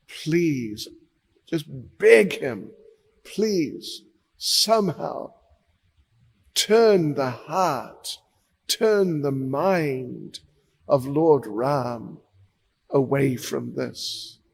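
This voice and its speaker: A man's voice: medium pitch, creaky, slightly rough, long reverb tail, exaggerated voice. A man voicing an adviser who insistently urges someone to go and beg for help. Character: urgent adviser urging a desperate plea.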